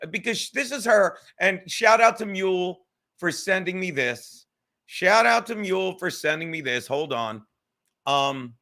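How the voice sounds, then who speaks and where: A man with a high, bright voice rants on his podcast, swearing constantly and talking fast. He sounds heated and keeps jumping from grudge to grudge, laughing between jabs. It plays as a loose, unscripted livestream monologue. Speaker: podcast host.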